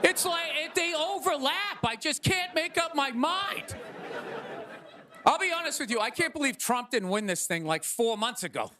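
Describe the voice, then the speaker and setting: A male stand-up comedian doing a sarcastic, ranting set on stage, with loud bursts. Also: extremely high pitch, expressive, normal speed, some chatter behind. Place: comedy stage before a live audience. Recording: live club recording with audience laughter and noise.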